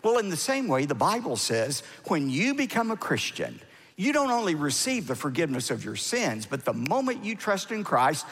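A man preaching a sermon as pastor, with dramatic pauses and heavy emphasis on key words. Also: fairly high pitch, fairly bright tone. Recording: long hall reverb.

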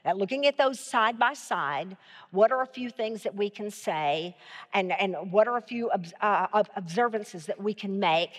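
A woman's voice: mid-range voice, lively intonation, moderate pace. Woman preaching in a reverberant hall. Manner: leads the audience in call-and-response, repeats phrases. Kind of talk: sermon.

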